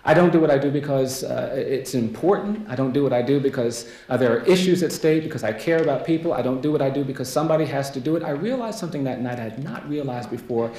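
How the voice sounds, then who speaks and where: A man from the United States giving a keynote as a death-row lawyer, telling a personal story quietly and earnestly, and building to rhetorical repetition. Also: medium pitch, fast, hardly any pauses. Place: lecture hall. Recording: roomy hall echo, faint noise.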